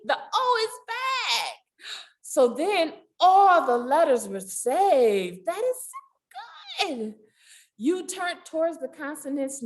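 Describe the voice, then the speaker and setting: A woman reading a picture book aloud at a library storytime, animated and sing-song, with playful animal sound effects. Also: high-pitched. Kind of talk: children's storytime read-aloud. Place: public library.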